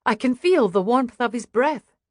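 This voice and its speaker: A woman reading an audiobook in a hushed, grave first-person voice. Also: on the high side, lively intonation, normal speed, dry recording, clean studio sound. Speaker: audiobook narrator. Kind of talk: scripted audiobook narration.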